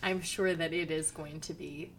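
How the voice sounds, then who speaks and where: A woman with a Minnesota accent co-hosting a podcast, chatting casually and softly, laughing between remarks. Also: deep voice, steady tone, moderate pace, slight background noise. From southern Minnesota. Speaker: podcast co-host. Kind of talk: casual chat.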